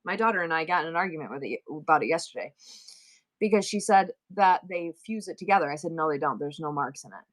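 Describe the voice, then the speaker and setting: A woman's voice: low voice, expressive, fast talker. A middle-aged woman with a New York accent, hosting a live selling stream and chatting playfully with her viewers. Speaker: livestream seller.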